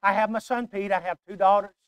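An older man preaching a sermon, emphatic and repetitive, swinging from hushed asides to loud declarations. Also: high-pitched, fairly even intonation, fast talker, smooth, dry recording.

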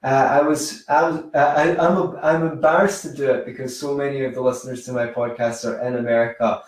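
A man's voice: mid-range voice, fairly even intonation, fairly quick. A man coaching on social skills in a chatty, rambling way, telling anecdotes and correcting himself as he goes. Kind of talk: informal teaching monologue. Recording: very echoey room, mic far off.

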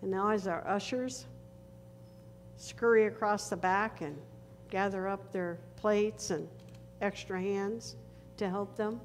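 A woman pastor delivers a sermon in slow, deliberate phrases, pausing for weight between her lines. Her voice carries through a church sanctuary with a long reverberant tail and a faint hum of noise behind it. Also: medium pitch, steady tone. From northern United States. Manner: slow, earnest preaching with dramatic pauses.

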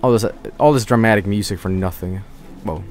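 Soft music plays behind a young man streaming a game late at night, his lowish voice a little mellow and a little fast. He rambles drowsily about the game, trailing off, his throat itchy from hay allergy.

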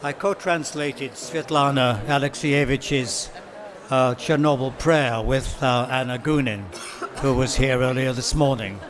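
A man speaking as a literary translator at a book-fair talk, reading excerpts in a measured way with occasional ums and self-corrections. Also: mid-range voice, fairly even intonation, crowd noise.

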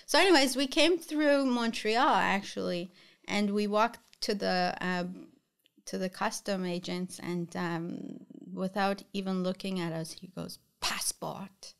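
A middle-aged woman from the Middle East tells her story in an interview, her voice smooth and clean. She speaks at a middle pitch and keeps the story moving with lively restarts. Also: unhurried. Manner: animated storyteller, often resets with "so anyways". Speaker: guest, florist and talk show host.

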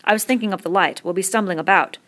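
A woman's voice: on the low side, quick pace, a bit bright, lightly acted. A woman reading aloud, voicing an earnest, worried boy leader with a raised, strained tone. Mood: urgent.

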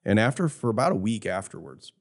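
Fifties man, low voice, sincere and thoughtful, casual podcast talk. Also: very animated, fast talker, slightly rough. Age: 50s. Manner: earnest, reflective, emotional at times. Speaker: jewelry store owner.

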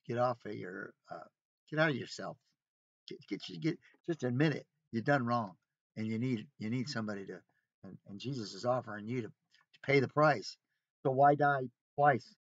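A medium-voiced man gives an informal sermon, leading a Bible study from an RV in a conversational way. He poses rhetorical questions and adds emphatic asides, captured in dull, lo-fi audio that's dry with no room sound.

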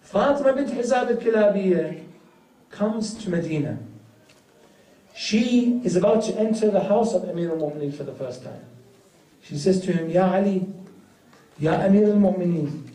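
Guy giving a sermon from far off in a big echoey room, high pitched, gets wailing and emotional. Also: expressive, moderate pace, pauses often, warm tone. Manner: storytelling that rises to an emotional, high-pitched lament. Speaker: Muharram speaker. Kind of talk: narrated religious sermon. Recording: roomy hall from far off.

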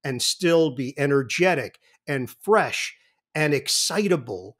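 A sportscaster in his fifties, a guest on an interview show, telling vivid, animated stories. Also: on the high side, slow. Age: 50s. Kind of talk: anecdotal interview talk.

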